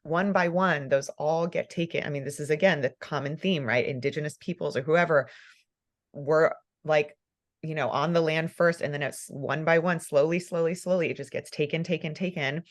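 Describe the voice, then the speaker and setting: Woman host, low-pitched, emotional, fervent, laughs a lot, conversational interview. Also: moderate pace. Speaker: podcast host.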